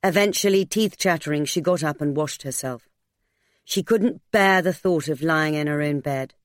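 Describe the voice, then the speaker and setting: A woman narrating a novel in a steady, measured storytelling voice. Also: deep voice, dry recording, clean studio sound. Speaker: audiobook narrator.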